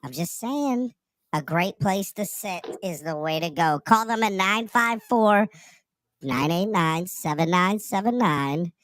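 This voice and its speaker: A man putting on the voice of a tiny, eerie old woman psychic medium, speaking slowly and theatrically as a comic character reading an ad. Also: high voice, a bit bright, no echo, pitched above the performer's own voice, full character voice. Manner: slow, drawn-out, theatrical.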